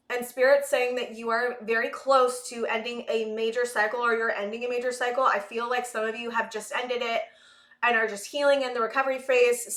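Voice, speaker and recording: A breathless woman reads tarot cards for her viewers, her voice bright and a little high. She rambles and hunts for words, sighing between thoughts. The room around her rings with echo. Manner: rambling, searching for words, many fillers and sighs. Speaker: tarot reader. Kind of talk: collective tarot reading to camera.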